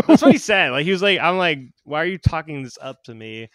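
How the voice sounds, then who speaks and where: Brief: male comedy podcast co-host, loud and animated, slightly raised pitch. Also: brisk, hardly any pauses, no echo. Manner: loud, animated, jumps into shouted silly voices. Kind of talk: crude comedic podcast banter.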